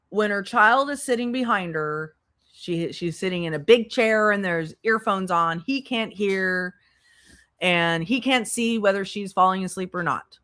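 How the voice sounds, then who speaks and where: A woman's voice: fairly low pitch, a bit bright. A woman hosting a commentary livestream, sarcastic and exasperated, swearing as she talks to her chat. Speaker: commentary channel host.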